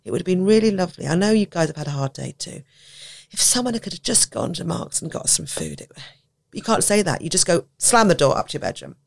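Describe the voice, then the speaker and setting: A woman talking on a podcast about teaching, animated, often acting out quoted voices and laughing. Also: lowish voice, quick pace, vocal fry. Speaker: podcast guest, autism educator. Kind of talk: conversational podcast talk.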